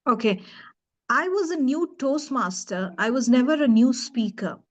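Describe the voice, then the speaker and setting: A woman's voice: on the high side, expressive, normal speed. A woman who coaches public speaking, answering interview questions on a video call with emphatic, demonstrative delivery. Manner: emphatic, demonstrates emotions in her voice.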